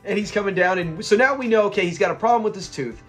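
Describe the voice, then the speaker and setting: A man's voice: high-pitched, quick pace, a bit bright, faint music behind. A man hosting a casual episode breakdown, eager and rambling as he retells scenes. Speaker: host of a classic sitcom review channel.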